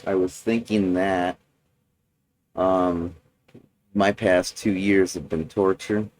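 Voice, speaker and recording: A man recording a personal video journal, talking in a halting, rambling way with many restarts and fillers. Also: sits low, fairly even intonation, darkish tone, dry recording, low-quality recording.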